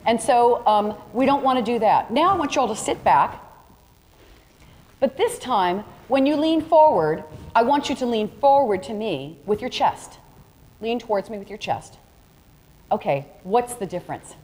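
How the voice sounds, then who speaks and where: In a large room full of people, a woman photography instructor runs a live workshop, walking students through demonstrations with a chatty, direct style. She speaks at a moderate pace in a fairly high, slightly mellow voice with lively intonation, captured in a reverberant hall with faint ambient noise.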